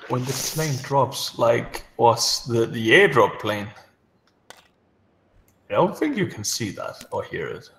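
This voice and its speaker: A man in casual gaming voice chat, making excitable callouts and swearing. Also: medium pitch, takes it slowly, creaky, a little hiss or hum. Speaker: gaming teammate.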